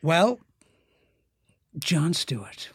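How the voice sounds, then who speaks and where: A man's voice: fairly high pitch, extremely slow, slightly rough, no echo, clean studio sound. A middle-aged actor guest in a casual interview, telling stories with lots of fillers and acting out the voices he quotes. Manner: animated, acts out quoted voices, many fillers.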